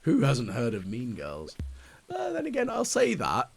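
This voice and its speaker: A man's voice: medium pitch, wildly swooping pitch, unhurried, vocal fry. A man in his late thirties rambling over a farming game, musing and mocking himself with lots of ums. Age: late 30s. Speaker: gaming channel host. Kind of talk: casual let's play commentary.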